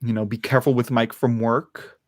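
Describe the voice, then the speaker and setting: A man's voice: medium pitch, flat delivery, a little fast, dry recording. A man hosting a live tarot reading stream, talking casually, laughing often and restarting his sentences. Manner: chatty, laughs often, many fillers and restarts.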